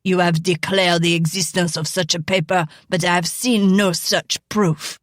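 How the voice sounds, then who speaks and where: Lady doing a ranting angry french guy, pushy and loud, dry sound. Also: on the low side, steady tone, moderate pace, no echo, close to an everyday voice. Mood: irate. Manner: ranting, demanding, irate. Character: irate smaller Frenchman, ranting land claimant.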